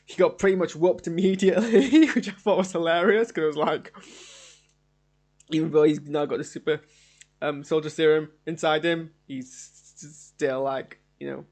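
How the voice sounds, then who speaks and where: A man's voice: fairly high pitch, fairly even intonation, moderate pace, darkish tone. Rambling, eager man in a home studio. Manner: rambling, enthusiastic. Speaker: reaction streamer. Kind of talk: live casual show reaction.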